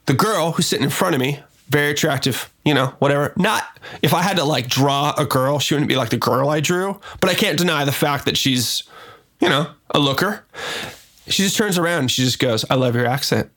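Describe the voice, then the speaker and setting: A man's voice: on the high side, brisk, a bit bright. Profane American man chatting. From United States. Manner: loose and profane, many fillers. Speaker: record producer guest. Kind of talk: casual podcast chat.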